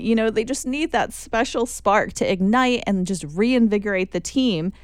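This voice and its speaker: Excited woman talking footy, voice goes way up and down, giggly, dry no-room sound. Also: mid-range voice, no room sound. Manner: excitable, laughs often, lots of fillers. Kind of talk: casual chat about a football final.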